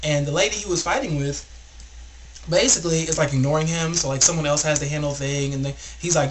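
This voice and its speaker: A young man vlogging a rambling, animated story, packed with filler words. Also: on the high side, quick pace, a little hiss or hum. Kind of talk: casual storytelling vlog.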